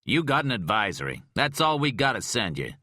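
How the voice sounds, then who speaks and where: A man's voice: mid-range voice, very animated, a little fast, bright, forceful tone, no echo, clean studio sound, voice pushed up. A man voicing a hot-tempered male police captain in an audiobook who barks angrily. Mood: furious. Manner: angry, barking.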